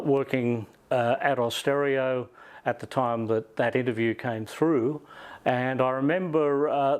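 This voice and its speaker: A middle-aged Australian man answering interview questions reflectively, with many "uh" and "you know" fillers. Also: mid-range voice. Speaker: interview guest, music journalist.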